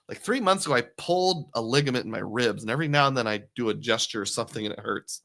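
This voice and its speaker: Man host, casual and chatty livestream talk, crisp bright tone, mid pitch. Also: lively intonation, fast. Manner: casual, thinking aloud, chatty with viewers. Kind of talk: live-stream commentary.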